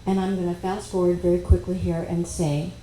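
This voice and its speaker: Woman workshop speaker, dark low voice, storytelling in an echoey hall with faint hiss. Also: fairly quick. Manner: animated, conversational, with quoted dialogue. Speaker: speaker at a spiritual expo workshop. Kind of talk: personal storytelling talk. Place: expo workshop room. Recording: echoey room with faint noise.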